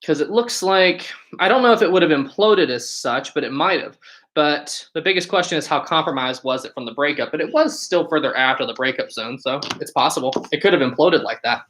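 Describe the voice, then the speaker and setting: A man's voice: fairly high pitch, animated, fairly quick, a bit bright, a little hiss or hum. A man hosting a live stream, reading viewer questions aloud and answering them casually, thinking aloud as he goes. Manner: casual, thinks aloud with restarts and short laughs. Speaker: channel host.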